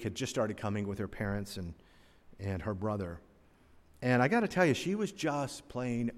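A man in his sixties preaching a storytelling sermon, his mid-pitched voice ringing with a long reverb through a large hall. He swings between emphatic, louder lines and hushed drops. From North Carolina, USA. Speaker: pastor.

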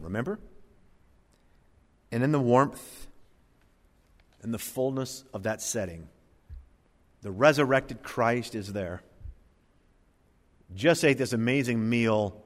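A man's voice: medium pitch, a bit bright. A man preaching a sermon, earnest, building emphatic lists. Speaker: pastor. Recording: long hall reverb.

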